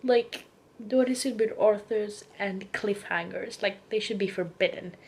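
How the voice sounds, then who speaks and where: A woman's voice: mid-range voice, measured pace, slight background noise. A young adult woman talking casually in a reading vlog, gushing and dramatic about the books she reads. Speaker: book vlogger.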